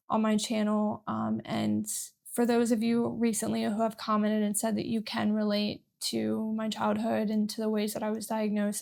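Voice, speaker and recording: Woman, candid vlogger, emotional and rambling, steady gravelly delivery. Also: mid-range voice. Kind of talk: personal talk to camera.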